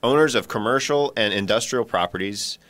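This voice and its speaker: A man's voice: on the low side, a little fast, fairly bright tone. A man on a radio show, joking, then reading aloud in a matter-of-fact way. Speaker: studio guest on a radio show.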